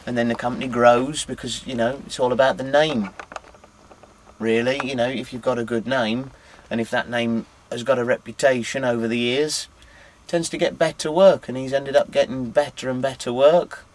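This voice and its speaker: Chatty English truck driver. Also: male voice, medium pitch, steady tone, moderate pace, a little hiss or hum. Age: 20s. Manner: chatty, anecdotal, many "you know" fillers. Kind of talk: casual interview chat. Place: outdoors at a harbour.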